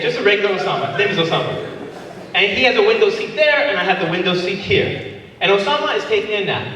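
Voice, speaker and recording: A man's voice: high-pitched, sharp tone, a little hiss or hum. A man in his thirties doing a stand-up comedy set, working the crowd and acting out voices and sound effects. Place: large hall before a live audience. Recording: echoey hall recorded from far off.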